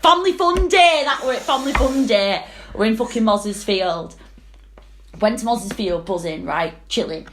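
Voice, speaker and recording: A woman's voice: a little high, lively intonation, moderate pace, slight background noise. Sweary young Yorkshire woman telling stories. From Selby, Yorkshire, England. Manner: broad, sweary, laughing storytelling. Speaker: podcast co-host. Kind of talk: casual storytelling chat.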